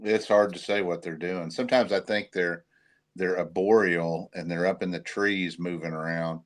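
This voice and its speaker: Low, deep male guest, measured and unsure, casual conversation. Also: steady tone. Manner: hesitant, thoughtful. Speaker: podcast guest, investigator. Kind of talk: casual interview chat.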